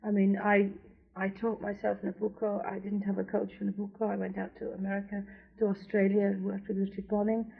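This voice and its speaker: A woman opera singer, a guest on a radio interview, telling lively anecdotes in a chatty way. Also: medium pitch, brisk, vocal fry, breathy edge. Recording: dull lo-fi 1970s radio recording.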